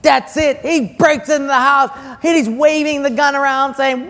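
A male pastor delivers a sermon, his voice sitting unusually high. He tells his stories with lively, acted-out voices and sudden loud bursts. The sound rings with the long reverb of a big sanctuary. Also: normal speed. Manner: animated storytelling, acts out characters with loud outbursts.

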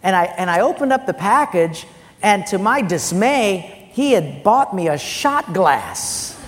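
A man's voice: high-pitched, unhurried. Storytelling male pastor in echoing hall. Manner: animated storytelling with loud acted quotes. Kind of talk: sermon. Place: church sanctuary. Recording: long church-hall reverb, faint music.

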